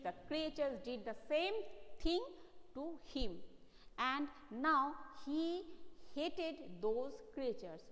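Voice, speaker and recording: A high-pitched woman with an Indian English accent teaches a young class online, reading a story out slowly. She stops to restate each passage in plain words and quizzes the children. Her voice rings with a long reverb, as if in a bare hall. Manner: reads a passage, then re-explains it in simple words with questions to the class. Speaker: primary school English teacher. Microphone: live online class.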